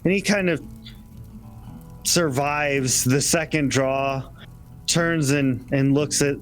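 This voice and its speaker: A man running a tabletop game as game master, describing events in slow, descriptive narration and chuckling now and then. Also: medium pitch, faint music behind.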